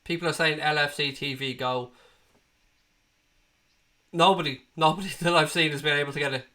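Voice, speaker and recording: An Irish-accented Dublin man in his late thirties hosts a live football watchalong, swearing freely and speaking bluntly straight to his chat. His voice is a little high, fairly even in intonation, at a normal speed and pushed and bright. He sounds a bit under the weather from a cold.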